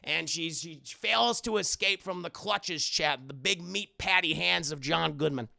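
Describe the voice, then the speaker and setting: A man giving a live-streamed spoiler review, talking to his chat in an animated, rambling way with many restarts. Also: on the high side, a little slow, creaky, no room sound, studio quality.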